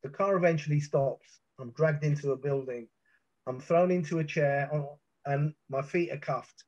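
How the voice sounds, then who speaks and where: A middle-aged British man, guesting on a podcast, tells an emotional first-person account of an ordeal, vivid and intense, with restarts and cursing. His voice is a little high and slightly mellow, at normal speed, and the recording sounds muffled and dull.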